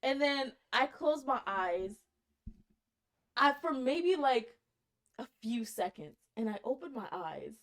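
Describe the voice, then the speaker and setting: A woman podcast co-host telling a story in casual chat, animated, laughing often and swearing casually. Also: high-pitched, takes it slowly.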